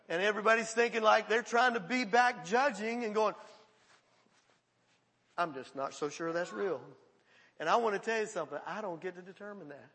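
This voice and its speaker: A man's voice: high-pitched, fairly bright tone, breathy edge, in a large hall. A man preaching a conversational sermon as pastor, acting out quoted voices and laughing along with the congregation.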